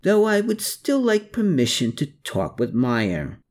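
An earnest, doubting army captain, as a male narrator plays him, with the voice lifted above the reader's own. He questions and presses his point with a lively, moving pitch. It is read like a storybook. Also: unhurried. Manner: questioning, insistent.

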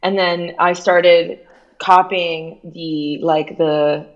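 A woman's voice: on the low side, extremely slow, highs cut off. Chatty young woman with a Miami accent. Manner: chatty, animated storytelling with many likes and quoted voices. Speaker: guest. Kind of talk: casual chat.

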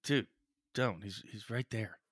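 A man's voice: lowish voice, measured pace, fairly bright tone, no echo, studio quality. A man co-hosting a casual movie review podcast, wisecracking and teasing. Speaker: podcast co-host.

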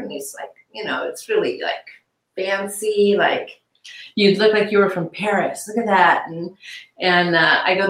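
Middle-aged female interview guest, halting and reflective, animated when quoting; low-ish voice, echoey room. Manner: halting, many restarts and fillers. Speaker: interview guest, victim's aunt. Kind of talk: conversational interview.

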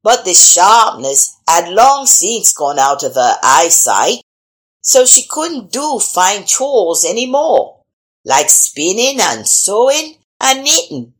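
A woman reading a folk-tale picture book aloud in an expressive, animated way. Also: medium pitch, slow. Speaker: storyteller. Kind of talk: storybook read-aloud.

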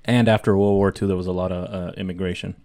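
A man's voice: low-pitched, little pitch movement, fast talker, darkish tone. A young man co-hosting a casual podcast, laughing often and mimicking his friends. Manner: laughs a lot, does voices of friends. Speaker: podcast co-host. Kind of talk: casual chat.

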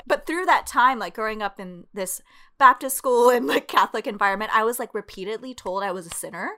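Woman, podcast guest, candid storytelling, animated, casual "like" fillers, bright tone. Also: on the high side, a little fast. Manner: animated and expressive, heavy use of "like".

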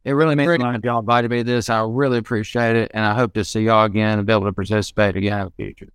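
A man's voice: fairly low pitch, steady tone, clean tone, no room sound, studio quality. A man politely apologizing and saying goodbye as a guest on a podcast. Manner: polite, apologetic, quick talker. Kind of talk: casual chat.

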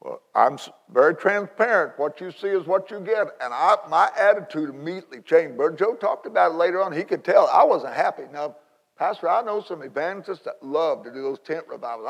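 A man, an evangelist telling a story in a sermon, folksy and animated with many restarts, in a large church hall. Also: sits high, brisk. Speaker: evangelist preacher.

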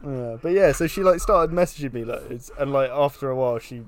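A man's voice: mid-range voice, a little fast. A young man, telling a rambling story in casual podcast chat, laughing often and filling with "like". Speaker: podcast co-host.

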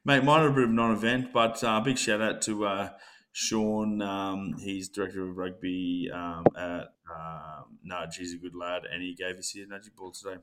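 A man's voice: deep voice, steady tone, very noisy. A man, co-hosting in casual banter, full of teasing quips and swearing. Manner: swears freely, quick teasing remarks. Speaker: podcast co-host.

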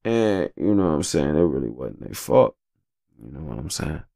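A man in his thirties, a father telling a casual story in an animated, profane, slangy way. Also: rumbling low, moderate pace, creaky, no room sound, clean studio sound.

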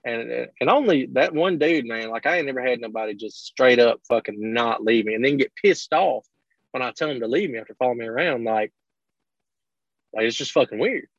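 A man's voice: medium pitch, a little fast, vocal fry, dry recording, highs cut off. A man, an online creator chatting casually on a podcast, swearing and acting out what people said. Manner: profane, storytelling, acts out quotes.

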